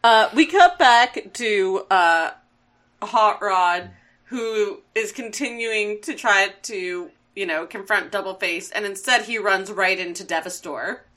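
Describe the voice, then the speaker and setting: A woman talking through an episode recap as a podcast co-host, amused and quick to quote the characters. Her voice is bright and carries a slight edge, at a middle pitch. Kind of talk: casual episode recap chat.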